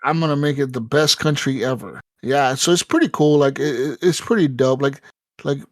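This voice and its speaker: A man's voice: mid-range voice, normal speed, no echo, clean studio sound. A man co-hosting a casual gaming podcast, telling a rambling, profane story with lots of fillers and acted-out quotes. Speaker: podcast co-host.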